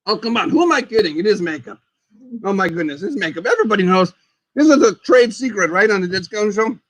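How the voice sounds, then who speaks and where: A high-voiced, fast-talking man eats while hosting a casual live stream, with no room sound. Excitable and full of exclamations, he refers to himself in the third person as the dead skeleton.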